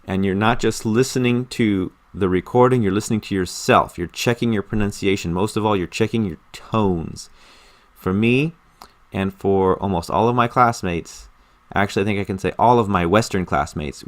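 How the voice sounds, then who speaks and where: A man with a somewhat low voice talks through his study routine in a casual screen-recorded tutorial. He sounds earnest and enthusiastic, often repeating words to stress a point. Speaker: language learner explaining his study method.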